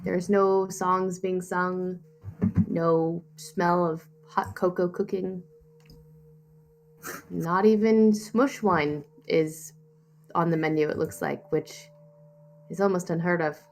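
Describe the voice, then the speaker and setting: A woman's voice: fairly low pitch, level tone, slow, long pauses. A woman narrating as game master of a tabletop game, storytelling with an easy flow and frequent fillers.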